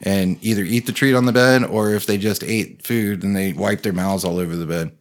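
A man's voice: fairly low pitch, steady tone. A man chatting casually with friends, joking around and swearing freely. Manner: joking, profane, quick to chime in. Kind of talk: casual chat.

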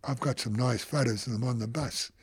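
A man's voice: mid-range voice, fairly even intonation, brisk, breathy edge, no echo, studio quality. An older man, telling a rambling anecdote in an interview and acting out the voices of people he quotes. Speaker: photographer. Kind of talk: anecdotal storytelling.

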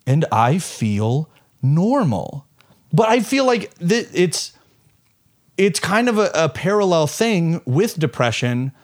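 A young adult man talking casually, telling stories in an animated way with quick asides. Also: on the high side. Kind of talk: casual chat.

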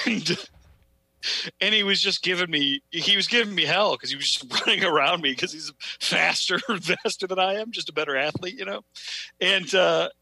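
A young man co-hosting a casual comedy podcast, telling a story with animated, profane energy. His voice is very bright and a touch high for a man. The sound is dry and close. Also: moderate pace, creaky, slightly rough, no room sound, low-quality recording. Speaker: podcast co-host.

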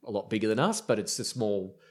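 Low-voiced Australian man telling stories. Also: lively intonation, a little fast, darkish tone. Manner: rambling, filler-heavy anecdotes. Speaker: brewer guest. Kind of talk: casual podcast storytelling.

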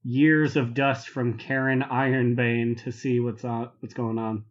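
A man's voice: mid-range voice, flat delivery. Wry man with a slightly dull-sounding mic. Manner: wry, quick to laugh. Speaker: podcast co-host. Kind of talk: casual gaming podcast chat.

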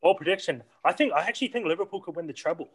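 A man's voice: on the high side, expressive, very fast, husky. A man chatting casually about football, swearing and laughing as he talks.

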